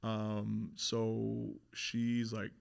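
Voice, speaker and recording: A man's voice: on the low side, monotone, extremely slow, gravelly. A young man speaking as a podcast guest, telling a hard personal story in a casual, candid way with lots of fillers and swearing.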